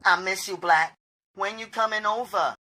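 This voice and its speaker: A man's voice: high-pitched, moderate pace, bright, forceful tone, voice pushed up, heavily acted, poor audio. A man reading an audiobook, voicing a needy, dope-hungry young woman who pleads and apologizes. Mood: pleading. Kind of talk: audiobook character voice.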